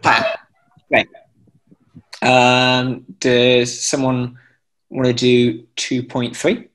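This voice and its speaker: A man's voice: medium pitch, monotone, drawn-out words, fairly bright tone. A man teaching an online class in chanting scripture, explaining with many fillers and chanting short examples. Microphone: video call.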